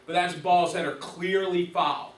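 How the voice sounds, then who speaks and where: A man's voice: high voice, steady tone, a little slow. A man teaching a class of umpires in a conversational lecture, asking questions and repeating key points. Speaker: umpire instructor. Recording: roomy, distant mic, faint hiss.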